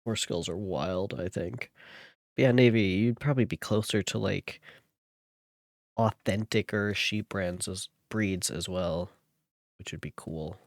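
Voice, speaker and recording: A young man with a fairly low voice, recorded close and dry with no room sound. He chats loosely with his viewers and then slips into reading a novel aloud at an easy, unhurried pace. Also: no echo. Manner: relaxed, chatting with viewers between read passages. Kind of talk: casual chat mixed with reading aloud.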